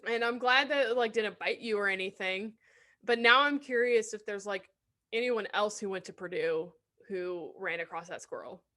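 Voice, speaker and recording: A woman's voice: mid-range voice, normal speed, sharp tone. A woman co-hosting a podcast in casual chat, telling stories with lots of fillers and silly voices for animals. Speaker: podcast co-host.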